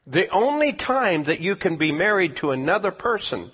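Husky preacher man in a reverberant hall. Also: high-pitched, very animated, normal speed, few pauses. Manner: emphatic preaching, rising and falling in volume. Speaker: pastor and teacher. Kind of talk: sermon. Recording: dull lo-fi sound with long hall reverb.

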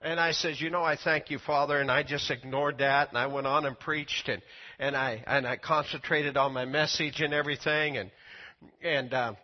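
An older man preaching a sermon, telling a personal story in a folksy way, often repeating words and climbing high when he quotes people. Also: fairly even intonation, moderate pace, lo-fi sound.

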